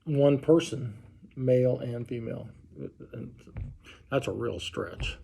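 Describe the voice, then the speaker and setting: A pastor leading an informal Bible study, talking conversationally and quizzing the group with questions. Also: male voice, mid-range voice, slow pace, gravelly, dark tone, breathy edge. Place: church study group room.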